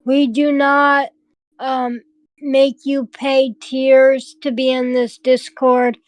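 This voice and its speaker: High-voiced, defensive woman on a call. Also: little pitch movement, slow pace, dry recording. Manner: defensive, curt, swears. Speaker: co-host of the chat server. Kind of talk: heated group voice call. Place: online voice call.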